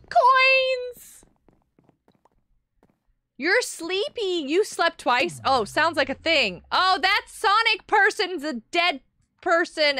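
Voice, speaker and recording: A woman's voice: high-pitched, sharp tone, no room sound. A woman streaming a game, chatting casually with her viewers, answering chat aloud and laughing often.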